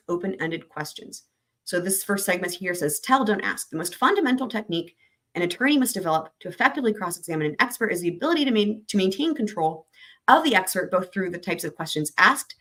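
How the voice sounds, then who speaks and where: A woman's voice: fairly low pitch, a bit bright. A woman hosting a livestream who reads legal text aloud and then breaks off to chat and answer viewer comments. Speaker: livestream host reading trial commentary. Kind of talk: casual explanatory livestream.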